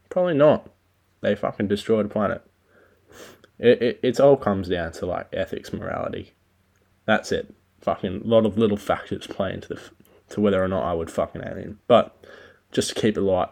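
A young Australian man with a very low voice rambles through his solo podcast. He swears constantly and talks in a loose, laid-back way. The recording is low-quality and homemade. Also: fairly quick, gravelly, darkish tone. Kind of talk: casual rambling chat.

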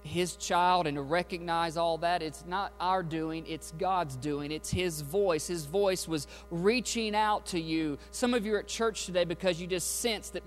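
A pastor preaching a sermon to his congregation. He is a man with a high voice and an emphatic, rousing delivery, and he often asks his listeners for an amen. Faint music and a low mains hum sit behind his voice. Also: measured pace, hardly any pauses. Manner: emphatic preaching with call-and-response asides. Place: church sanctuary.

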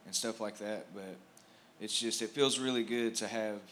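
A man's voice: on the low side, fairly even intonation, moderate pace, fairly bright tone, a little hiss or hum. A man giving a casual, rambling testimony on a church stage, full of fillers.

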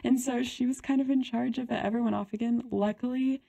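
Young woman co-host with a slight vocal fry, chatty and giggly, casual storytelling. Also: fairly high pitch, steady tone, a little fast, warm tone. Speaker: podcast co-host.

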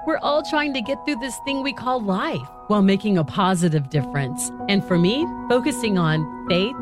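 A woman's voice: medium pitch, normal speed, music in the background. A middle-aged woman hosting her podcast in a casual, chatty monologue, acting out family conversations. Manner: animated, chatty, acts out family quotes. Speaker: podcast host.

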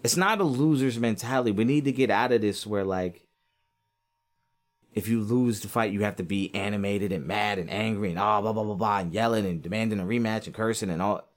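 A man giving a casual, animated commentary on boxing, rambling with lots of fillers and acting out quotes. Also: fairly low pitch, a little fast. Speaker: sports commentator.

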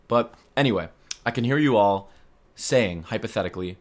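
A young man in his twenties hosting a comedy podcast, delivering a scripted monologue with deadpan, self-deprecating humor. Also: on the low side, normal speed. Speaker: podcast host.

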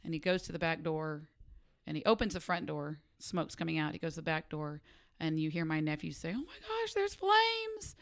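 Low gravelly woman telling a story. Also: brisk, hardly any pauses. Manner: animated storyteller acting out quotes. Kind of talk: casual storytelling chat.

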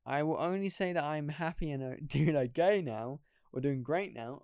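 A man's voice: fairly high pitch, normal speed, a little mellow, clear, resonant tone, no echo, studio quality. A young man hosting a casual solo podcast, rambling and poking fun at himself. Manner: rambling, self-deprecating, laughs at himself. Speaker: podcast host.

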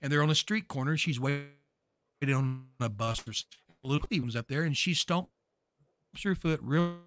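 A man speaking as a guest minister, preaching with fervor and building to emphatic shouts. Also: fairly high pitch, moderate pace. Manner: emphatic, rises to shouting peaks. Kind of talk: fervent preaching talk.

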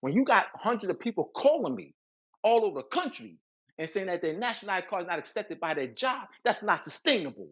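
A man's voice: high-pitched, big pitch swings, a little fast, fairly bright tone, husky, highs cut off. A man speaking as a guest author, lecturing with emphatic repetition and frequent restarts. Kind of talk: lecturing interview talk.

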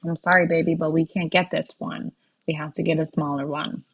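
A woman doing a tired single mom, soft and gentle with her little kid, a bit low. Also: level tone, a little fast, breathy edge, exaggerated voice. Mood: apologetic. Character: struggling single mother, tender and weary.

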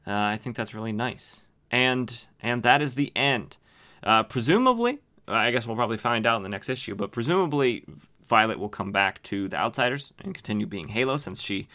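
A man's voice: medium pitch, expressive, normal speed, pushed and bright. A man hosting a podcast, recapping comic books in an enthusiastic, chatty way with many fillers. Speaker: podcast host. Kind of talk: casual comic book recap.

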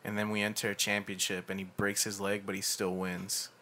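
A man's voice: fairly low pitch, a little fast. A young man co-hosting a casual podcast, telling stories with lots of swearing and laughter. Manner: animated storytelling, swearing and laughing. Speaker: podcast co-host. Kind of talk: casual chat.

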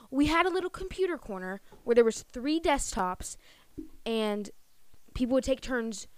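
A woman co-hosting a podcast, telling a childhood story in casual chat with an animated, giggly manner. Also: on the high side, no room sound. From Pennsylvania. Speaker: podcast co-host.

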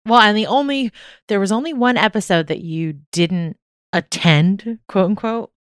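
A woman's voice: medium pitch, normal speed, no room sound, clean studio sound. A young woman hosting a casual podcast chat, bubbly and talkative, laughing easily. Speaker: podcast host.

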